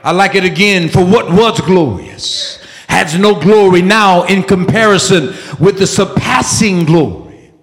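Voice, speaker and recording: A man preaching a sermon with fervor, shouting, peppering his lines with "uh" and exclamations of praise. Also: sits high, a little slow. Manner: fervent, shouting, with frequent "uh" and "woo, Jesus" exclamations. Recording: echoey hall.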